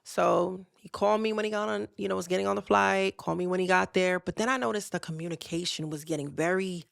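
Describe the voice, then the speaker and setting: A woman's voice: lowish voice, steady tone, fast talker, gravelly, dry recording, clean studio sound. A young woman podcast host casually telling a personal story, candid and chatty, speaking straight to her listeners. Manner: candid, conversational, addresses listeners directly.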